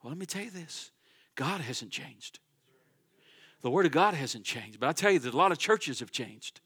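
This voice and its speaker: High bright-voiced fervent preacher man. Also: lively intonation, normal speed, slightly rough. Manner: fervent preaching that swings between loud declarations and quiet asides. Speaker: pastor. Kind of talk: sermon. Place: church sanctuary.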